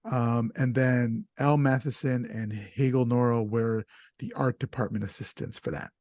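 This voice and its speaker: A man's voice: medium pitch, fairly even intonation, a little slow, darkish tone, dry recording, studio quality. A man hosting a casual podcast chat, talking loosely and stumbling over names, with an easy laugh. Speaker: podcast host.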